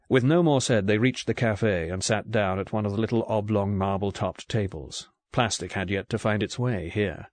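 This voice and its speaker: Low-voiced male audiobook narrator. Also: normal speed, hardly any pauses, no room sound. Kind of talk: scripted narration.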